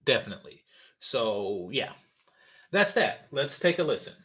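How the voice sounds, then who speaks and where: A man's voice: medium pitch, sing-song, measured pace, a bit bright, breathy edge. A man hosting a casual reaction commentary channel, talking bluntly with lots of fillers and restarts. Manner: blunt, rambling, frequent fillers.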